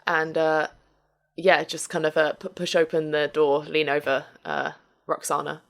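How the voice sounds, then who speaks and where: A woman taking part as a player in a casual tabletop role-playing game, chatty and quick to react. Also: deep voice, completely flat delivery, vocal fry.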